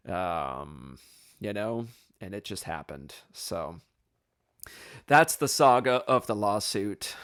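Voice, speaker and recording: A man's voice: on the low side, no echo, clean studio sound. Self-deprecating man telling a story. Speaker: podcast host. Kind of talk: storytelling podcast monologue.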